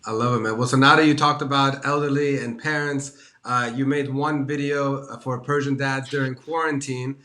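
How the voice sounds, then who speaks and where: A man's voice: mid-range voice, steady tone, normal speed, pushed and bright. A man hosting an interview over a video call, often stammering and repeating words as he starts his questions. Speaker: interview host. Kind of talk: casual interview chat.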